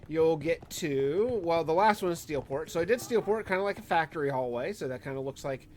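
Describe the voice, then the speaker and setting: A man's voice: fairly high pitch, animated, fairly quick, darkish tone, slight background noise. A man giving casual, rambling commentary over his own gameplay, often correcting himself mid-sentence. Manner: rambling, self-correcting, gets exasperated. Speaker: Minecraft YouTuber.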